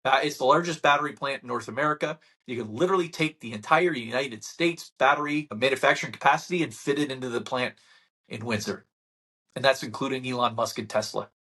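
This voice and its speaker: Husky-voiced man ranting to camera. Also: medium pitch, quick pace. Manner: animated ranting, sarcastic mock quotes. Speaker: real estate channel host. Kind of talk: casual market-update talk to camera.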